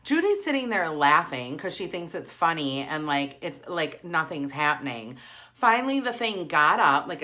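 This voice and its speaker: A woman, telling a story in a chatty, animated vlog style. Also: low voice. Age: 40s. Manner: animated, chatty, heavy use of "like". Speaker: vlogger. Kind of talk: casual storytelling while eating.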